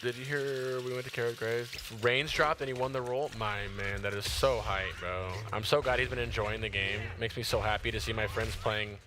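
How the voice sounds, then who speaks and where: A man's voice: medium pitch, fairly even intonation, moderate pace, hardly any pauses, noisy background. A tired man giving slangy live gameplay commentary, yelping and squealing when startled. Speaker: gaming streamer.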